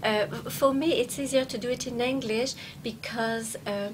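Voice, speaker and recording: A woman from France with a French accent, a stand-up comedian chatting playfully in an interview, laughing often and pausing on fillers. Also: fairly high pitch, fairly even intonation. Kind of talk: casual interview chat. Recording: noticeable background noise.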